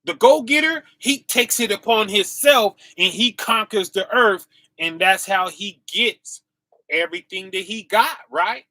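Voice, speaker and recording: A man giving an informal sermon in casual slang, leaning on "right?" and "y'all", chuckling to himself and swinging between quiet asides and loud bursts. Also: sits high, no room sound. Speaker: preacher.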